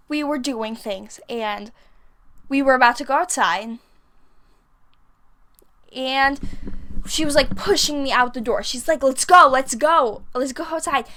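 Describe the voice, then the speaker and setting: A young woman telling a rambling personal story in a casual vlog, full of fillers and restarts. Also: high voice. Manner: rambling, filler-heavy, animated. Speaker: vlogger. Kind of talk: casual storytime over a game build.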